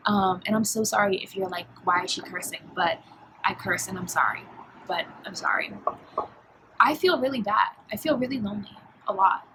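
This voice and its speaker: A woman's voice: medium pitch, moderate pace, background noise. A woman in her twenties, a college student talking candidly in a casual confessional vlog from her dorm room, full of "like" and "um". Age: 20s. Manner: candid, emotional, lots of fillers like "like" and "um".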